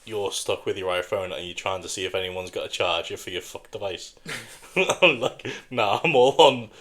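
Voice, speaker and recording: A man's voice: sits low, fairly even intonation, normal speed, bright, forceful tone. A man hosting a casual podcast, bantering crudely with lots of swearing and laughter. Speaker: podcast host.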